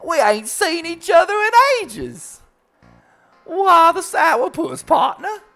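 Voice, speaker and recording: A man voicing a sassy Texan woman who runs a theater, with a put-on Texas accent and a high, loud, drawling twang. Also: big pitch swings, slow pace, gravelly, faint music behind, full character voice. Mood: teasing. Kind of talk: fan voice acting of a video game.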